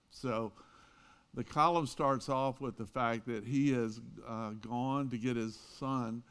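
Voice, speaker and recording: A man preaching to his congregation in an easy, conversational way, his voice smooth and resonant. He speaks at a medium pitch and drifts into stories, dotting them with fillers and little asides. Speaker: pastor. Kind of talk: sermon. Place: church.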